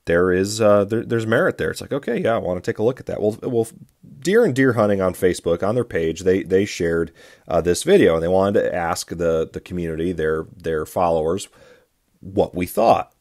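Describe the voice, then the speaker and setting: A man with a low voice hosts a solo podcast monologue. He talks in an earnest, sermon-like way and often restarts his phrases. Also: a little mellow. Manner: earnest, preachy, repeats and restarts words. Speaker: podcast host.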